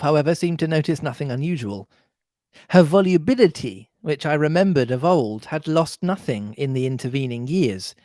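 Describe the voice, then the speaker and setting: Brief: animated audiobook-style podcast reader, dry close sound. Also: mid-range voice, no echo. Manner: expressive, animated reading. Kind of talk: reading a novel aloud with chat.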